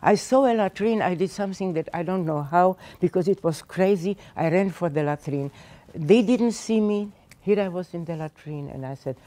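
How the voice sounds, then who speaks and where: A woman's voice: on the low side, moderate pace, warm tone. A woman in her eighties, a survivor giving personal testimony to teachers at a seminar, telling her story with emphasis and emotion. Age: 80s. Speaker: Holocaust survivor speaking to teachers. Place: seminar room.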